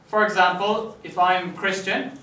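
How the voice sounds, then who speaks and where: A man's voice: sits high, sharp tone, a little hiss or hum. A man from Ireland, giving a casual classroom lecture and often checking in with the students. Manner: conversational, checks in with "right?" often. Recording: echoey classroom, mic at a distance.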